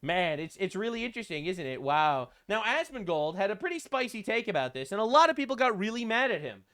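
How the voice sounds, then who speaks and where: High-voiced guy ranting sarcastic, swears a lot, bouncy delivery. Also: big pitch swings, quick pace, pushed and bright. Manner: mocking, sarcastic, profane; mimics quoted politicians in put-on voices. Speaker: political commentary streamer. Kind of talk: sarcastic political commentary.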